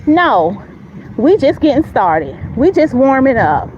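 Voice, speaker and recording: A woman's voice: sits high, very animated, slow pace, lo-fi sound, slight background noise. A woman giving a motivational faith talk on a walk, emphatic and repetitive like a preacher, recorded on a phone.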